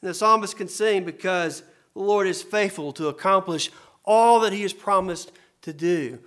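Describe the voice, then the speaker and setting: A man preaching a sermon as a pastor, earnest and repetitive for emphasis, dropping to soft murmurs and rising to loud, emphatic cries. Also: high voice, normal speed. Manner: earnest, repeats phrases for emphasis.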